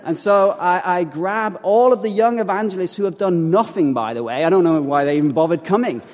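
A man telling a personal faith story to an audience, animated, with acted-out quotes and wry asides. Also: high voice, brisk. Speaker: speaker telling a testimony. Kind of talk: storytelling talk. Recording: long hall reverb.

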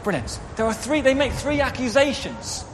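Male preacher, high lively voice, children's talk, reverberant church. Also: moderate pace, background noise. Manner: animated, directs children, acts out quotes. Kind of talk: interactive children's sermon. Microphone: microphone. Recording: reverberant hall, faint ambience.

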